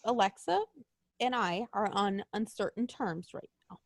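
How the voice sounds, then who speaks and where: A woman's voice: mid-range voice, measured pace, dry recording, clean studio sound. A young woman co-hosting a wrestling podcast, ranting and swearing in exasperated casual chat. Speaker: podcast co-host.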